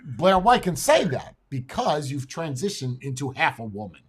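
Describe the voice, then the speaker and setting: A man's voice: a little high, big pitch swings, normal speed, breathy edge. A man co-hosting a casual talk show, blunt in his opinions, who repeats words and stammers as he tells a long story.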